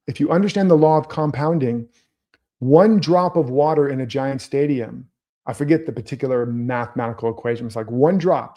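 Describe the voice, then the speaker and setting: A man's voice: medium pitch, mellow. A man hosting his own show, giving earnest motivational commentary and coaching his viewers directly. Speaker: host.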